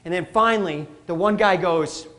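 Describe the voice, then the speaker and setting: A man giving a live motivational talk, animated, calling the audience folks and acting out what people say. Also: sits high, moderate pace. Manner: animated, addresses crowd as folks, acts out quotes. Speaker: motivational speaker.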